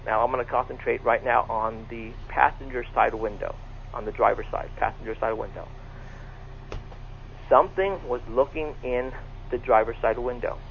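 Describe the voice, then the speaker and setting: This middle-aged man has a gravelly voice of medium pitch, and he earnestly relates something that happened to him, frequently repeating himself and starting sentences over. The call is tinny with faint background noise.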